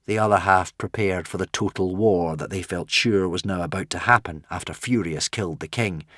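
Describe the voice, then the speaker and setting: A man narrating a fantasy audiobook in an expressive, dramatic way. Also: sits low, normal speed, no echo, clean studio sound. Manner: dramatic, varied delivery.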